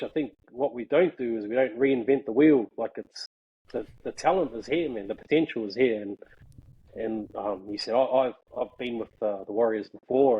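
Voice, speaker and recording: A man's voice: mid-range voice, slightly rough, muffled recording. A man telling a story in casual chat, laughing often and saying "bro" a lot. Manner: laughing, slangy, peppers speech with "bro". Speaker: guest.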